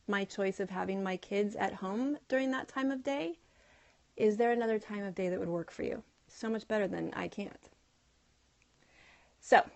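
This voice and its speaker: A woman's voice: mid-range voice, vocal fry. A woman in her thirties talking casually to homeschooling parents on a phone livestream from home, earnest and coaching, slipping into short quoted voices. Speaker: homeschooling vlogger. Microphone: phone camera.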